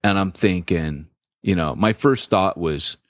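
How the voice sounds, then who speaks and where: A middle-aged man co-hosting a podcast, telling a personal story in a casual, slangy, animated way full of fillers. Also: low-pitched, a little slow, no echo, clean studio sound. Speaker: podcast co-host.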